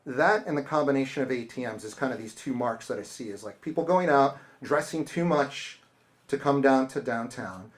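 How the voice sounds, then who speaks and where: A man's voice: mid-range voice, moderate pace. A middle-aged man, an author, telling stories to an audience at a bookstore and acting out the people he quotes. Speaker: author giving a bookstore talk. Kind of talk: casual talk with audience Q&A. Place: bookstore event space.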